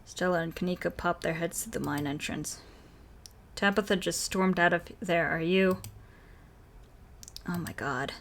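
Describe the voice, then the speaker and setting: A woman's voice: fairly low pitch, measured pace, creaky, pauses often. A woman streamer reading a horror visual novel aloud, voicing every character in her own voice and reacting between lines.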